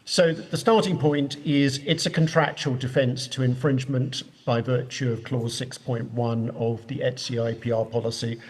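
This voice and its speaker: An English man delivers a measured legal keynote over a video call. His voice sits at an ordinary middle pitch, and he explains points plainly with emphatic summaries. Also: fairly even intonation. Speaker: judge giving keynote remarks. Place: his room at the court, joining remotely.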